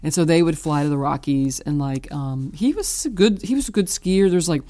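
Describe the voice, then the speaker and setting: A woman's voice: low-pitched, animated, normal speed, warm tone. A woman in her fifties from the American South, talking in a casual, rambling way with many fillers and restarts. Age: 50s. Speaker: artist guest. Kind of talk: casual interview.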